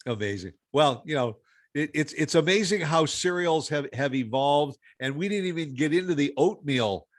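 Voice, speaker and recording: A man hosting a podcast in casual chat, speaking haltingly with frequent restarts. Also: a little high, expressive. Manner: halting, many restarts and fillers. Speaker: podcast host.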